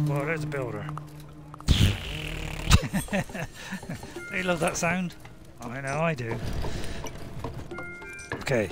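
With game music in the background, a British man hosting a gaming video jokes his way through his own play, muttering to himself and rooting for his units. His fairly high voice is animated but very slow, and he pauses often.

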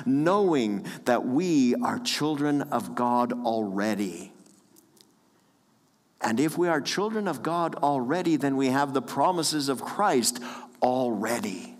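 Male pastor, earnest sermon delivery, slow, long church reverb. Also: mid-range voice. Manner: earnest, with light chuckles and repeated phrases. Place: church sanctuary.

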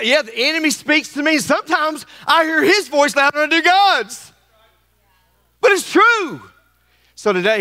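High, bright-voiced playful male pastor. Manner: playful, calls out to the congregation. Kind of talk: lively sermon with a live demonstration.

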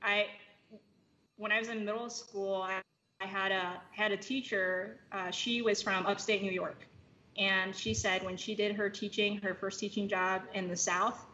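A woman with a bright, forceful voice talks through ideas at an easy, conversational pace, pausing often with fillers and restarts. The audio is slightly dull and lo-fi, with faint noise behind her. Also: medium pitch, level tone. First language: English. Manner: thoughtful, many fillers and restarts. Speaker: podcast guest. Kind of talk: casual chat.

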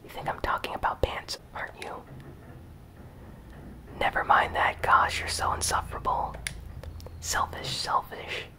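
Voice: measured pace, long pauses, low-quality recording. A whisperer reading aloud a clingy, moody young alien woman from a game, in whispered role-play. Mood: cooing. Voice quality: soft unvoiced whisper.

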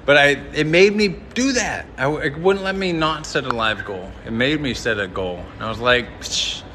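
A man livestreams as he wanders through the inside of a large hotel, talking to viewers in a loose, rambling, jokey way. His voice is bright and forward, picked up by a handheld phone as he walks, with a faint hum of background noise. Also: medium pitch, expressive, unhurried. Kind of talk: live-stream walking commentary.

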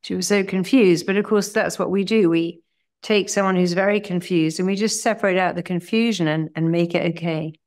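A middle-aged woman hypnotherapist telling client stories in an animated, conversational way. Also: on the low side, fairly quick. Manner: animated anecdotes, lively acted-out quotes. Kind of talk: conversational storytelling.

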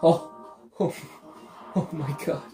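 A woman gamer giving casual, excitable commentary while playing, swearing and talking to her viewers. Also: deep voice, takes it slowly. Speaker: let's play gamer. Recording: roomy echo, faint game music. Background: faint game music.

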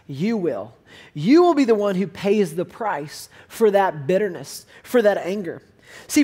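A young male pastor delivers a sermon in a relaxed, conversational storytelling manner. He moves between reading scripture aloud and recounting personal experiences, building intensity as he goes. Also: high voice.

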